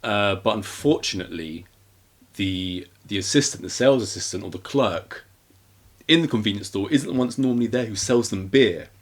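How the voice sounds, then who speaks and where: A man co-hosting a podcast, casually recapping a horror film in a rambling, animated way with acted-out quotes. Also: on the low side, moderate pace. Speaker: podcast co-host. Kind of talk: casual movie recap chat.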